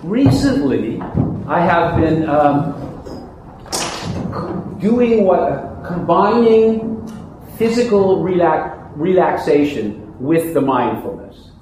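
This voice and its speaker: A man teaching a mindfulness meditation class, explaining calmly and often restarting his sentences. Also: fairly high pitch, takes it slowly. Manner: calm, explanatory, with frequent restarts. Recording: very echoey room, faint noise.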